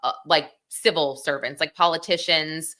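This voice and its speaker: A woman's voice: low-pitched, fairly even intonation, moderate pace, sharp tone. A young woman hosting a live legal talk show, chatting casually with lots of "like" and "you know" and acting out the people she quotes.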